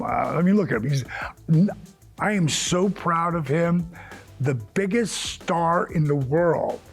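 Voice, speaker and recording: A man who is a former wrestler, telling an animated backstage anecdote in an interview. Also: fairly high pitch, gravelly. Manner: lively storyteller who jumps into other people's voices. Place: yoga studio.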